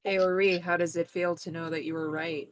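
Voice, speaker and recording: A woman's voice: lowish voice, little pitch movement, a little fast, dry recording. A woman player speaking in character in a tabletop game, wry and playful. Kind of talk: in-character roleplay.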